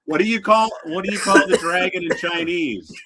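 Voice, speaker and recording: A man's voice: sits high, moderate pace, a loud crowd. A man co-hosting a casual live watch-along chat, laid-back, laughing easily and swearing casually. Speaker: podcast co-host.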